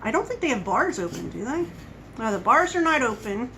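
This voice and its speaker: A woman's voice: a little high, very animated, fairly quick, vocal fry, fairly bright tone, a little hiss or hum, rough recording. A woman vlogger talking at home in a casual coffee-chat monologue, rambling and wandering off on tangents. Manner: rambling, chatty, goes off on tangents.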